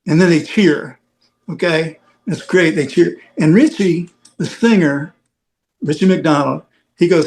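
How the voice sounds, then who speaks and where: Rambling, higher-voiced storyteller man. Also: a little slow, a little mellow. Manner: rambling anecdotal, heavy "you know" fillers. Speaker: veteran rock roadie guest. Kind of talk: casual storytelling on a podcast.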